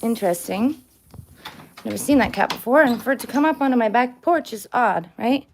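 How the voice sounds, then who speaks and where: A woman with a high, light voice talks casually on her back porch for a vlog. She calls to a stray cat in a lilting, coaxing tone, then drops into chatty, musing asides to the camera. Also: lively intonation, brisk. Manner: coaxing sing-song baby talk to a cat. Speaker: vlogger.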